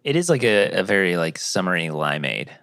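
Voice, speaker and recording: A man's voice: deep voice, big pitch swings, a little fast, a bit bright, no echo, studio quality. A man hosting a casual podcast, doing upbeat introductions and joking loosely with friends. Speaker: podcast host.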